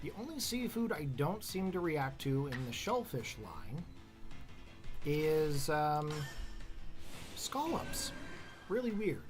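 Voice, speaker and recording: Brief: Canadian male streamer, slightly high voice, casual self-deprecating chatter, light laughs, faint music behind. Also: very animated, slow pace, long pauses. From Canada, northern New Brunswick. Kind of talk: casual live-stream chat while gaming.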